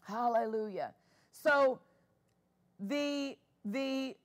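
Woman pastor, high voice, unhurried emphatic sermon delivery. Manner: emphatic, repeats key phrases, call-and-response.

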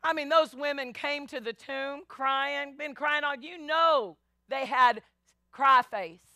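A woman pastor preaching a sermon, animated, acting out biblical voices and calling the congregation y'all. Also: high voice, takes it slowly, no room sound, clean studio sound.

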